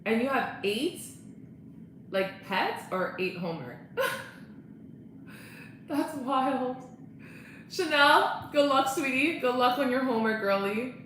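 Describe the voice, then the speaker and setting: Young woman, bubbly casual live-stream chat, bright tone, very echoey room. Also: sits high, lively intonation, takes it slowly, long pauses, a little hiss or hum. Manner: bubbly, chatty, laughs often. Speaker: livestreamer chatting with viewers.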